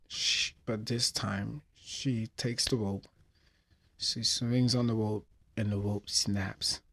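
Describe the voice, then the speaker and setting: A man's voice: on the low side, fairly even intonation, slow, creaky, a bit bright, husky. Heartfelt hesitant man telling a sad story. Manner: heartfelt and hesitant, reflective about grief. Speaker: podcast host. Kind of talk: personal storytelling podcast.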